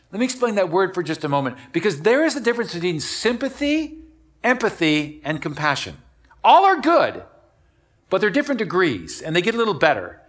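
Animated, bright-voiced male pastor preaching. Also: sits high. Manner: swings from hushed to loud emphatic repetition. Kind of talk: sermon. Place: church with online audience.

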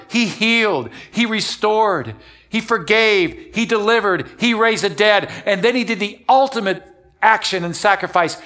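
A male pastor preaching a sermon to a church and online audience, moving from hushed, slow lines to loud, repeated emphatic phrases. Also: sits high.

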